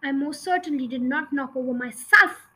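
Woman voicing a storybook brute headmistress: loud, high and bellowing, furious throughout. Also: normal speed, natural voice. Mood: indignant. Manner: roaring, shouting accusations.

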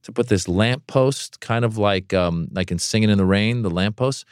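Animated man telling a story, low voice. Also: moderate pace, smooth, no echo, studio quality. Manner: animated storyteller, acts out voices with big pitch jumps. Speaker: comedian guest. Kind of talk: casual storytelling interview.

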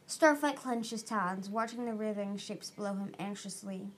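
A woman reading a fantasy novel aloud as an amateur audiobook, steady with small restarts. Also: medium pitch, moderate pace, hardly any pauses. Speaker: audiobook reader.

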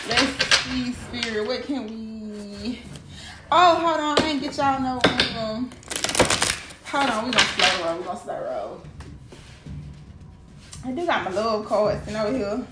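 Woman, casual tarot vlog, salty and lively, echoey room, noisy background. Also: a little high. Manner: profane, animated, talks straight to viewers. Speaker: tarot reader.

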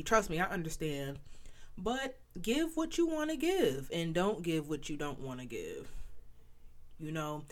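A young woman with a nasal voice hosting a casual solo podcast, candid and animated, talking straight to her listeners with playful asides and the odd sniffle. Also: on the low side. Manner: sniffles between phrases. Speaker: podcast host.

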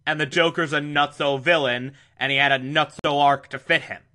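A man recapping and reviewing an old TV episode in a casual monologue, sarcastic and exasperated, with sudden jumps in pitch for emphasis. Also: fairly even intonation, moderate pace, pushed and bright.

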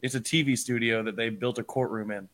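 A man's voice: mid-range voice, steady tone, a little fast, a bit bright. Dry, teasing man on a podcast. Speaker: podcast co-host. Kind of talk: casual chat.

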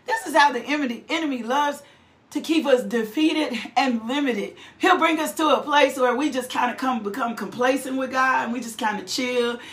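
A woman's voice: sits high, normal speed, fairly bright tone. A middle-aged woman preaching a fervent sermon, repeating phrases in a rhythmic, rousing way. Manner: fervent, rhythmic repetition, exhortations.

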